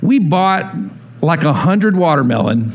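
A man's voice: on the high side, unhurried. A man preaching a sermon, telling a personal story and acting out the dialogue of the people in it. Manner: animated storyteller, acts out dialogue. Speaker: pastor.

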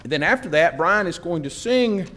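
A man preaching as a minister in a church, speaking in a gentle, earnest pastoral way. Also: high voice, animated, moderate pace. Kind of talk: sermon.

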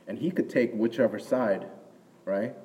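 A man's voice: mid-range voice, measured pace, dark tone, slight background noise. Conversational preacher man in an echoing hall. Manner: conversational, asks the audience, frequent "right?". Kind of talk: sermon. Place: church hall with an audience. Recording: distant mic in a reverberant hall.

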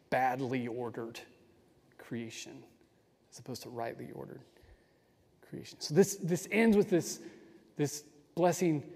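A pastor with a dark, gravelly, mid-range voice preaches earnestly and enthusiastically, frequently restarting his phrases. A long hall reverb hangs over the recording.

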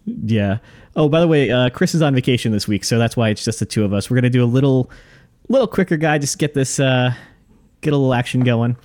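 A man's voice: medium pitch, a little mellow. A man hosting a podcast, recapping an episode casually with crude jokes. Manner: joking, crude, quick recaps. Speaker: podcast host. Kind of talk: casual chat.

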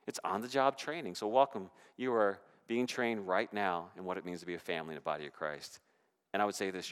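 A man preaching a sermon in a church, animated, with rising and falling emphasis. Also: low voice, fairly quick, clear, resonant tone. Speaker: pastor. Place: church sanctuary. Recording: reverberant church hall.

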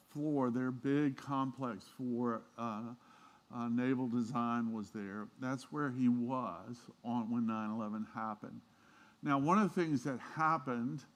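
A man preaching a sermon, telling stories with feeling and swinging between hushed and emphatic delivery. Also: medium pitch. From Southern United States. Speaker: pastor.

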